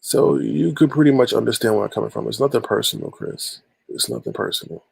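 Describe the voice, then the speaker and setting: Gravelly husky man hosting a livestream. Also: medium pitch, brisk, darkish tone, no echo. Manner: repeats phrases, addresses chat and callers by name. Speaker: livestream host. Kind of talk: casual livestream chat with callers.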